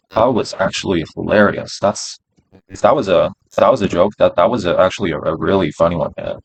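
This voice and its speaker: A man's voice: sits low, brisk, creaky, slightly rough, no echo, rough recording. A man streaming his day trades, talking himself through them in a casual, profane way and repeating phrases as he goes. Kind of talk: casual live-stream self-talk.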